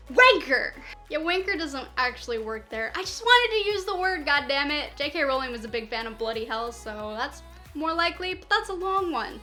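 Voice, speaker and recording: High, bright-voiced playful woman. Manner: playful, animated, laughs at her own jokes. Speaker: writing advice vlogger. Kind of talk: upbeat educational vlog.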